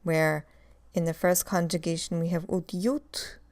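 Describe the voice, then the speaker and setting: A woman's voice: on the low side, steady tone, a little slow, darkish tone, no room sound. Woman teaching a grammar lesson, dry sound. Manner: clear, methodical explanation with drilled examples. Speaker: Russian language teacher. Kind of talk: recorded grammar lecture.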